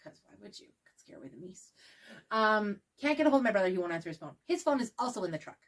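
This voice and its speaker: Telling a story on the podcast she co-hosts, a young woman chats casually and with lots of energy, laughing often and swearing without restraint. Her voice is medium-pitched and she talks very fast.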